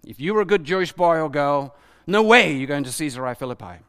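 Male preacher, animated sermon delivery, lively pitch swings, slightly higher voice, quizzes the congregation. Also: fast talker, smooth. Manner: animated, questions the audience, acts out quoted voices.

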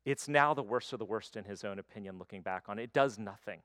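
Man preaching, loud then hushed. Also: on the low side, fast, dry recording, clean studio sound. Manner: swings between loud emphasis and quiet, intimate delivery. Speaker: pastor. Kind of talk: sermon.

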